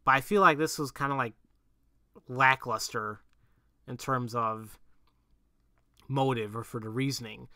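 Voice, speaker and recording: A man doing casual let's play commentary, excitable and prone to shouting, then rambling with restarts as he reflects. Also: medium pitch, unhurried, pauses often, dry recording. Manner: excitable, breaks into shouts and laughter. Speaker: let's player.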